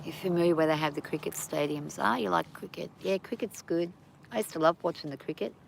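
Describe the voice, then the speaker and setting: A middle-aged Australian woman talks casually to her viewers in a rambling, easygoing way, laughing as she goes. Her voice sits low with a gravelly edge. She sounds slightly stuffy from hay fever. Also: a little fast, a little hiss or hum. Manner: rambling, chatty, laughs easily. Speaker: farm owner and livestreamer. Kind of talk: casual livestream chat.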